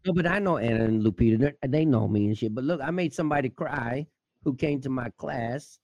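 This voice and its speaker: A man's voice: medium pitch, a little fast, a little mellow, dry recording, lo-fi sound. A man co-hosting a nursing podcast, an instructor who talks bluntly, swears a lot and teases his co-host. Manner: blunt, profane, teasing. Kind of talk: casual podcast banter.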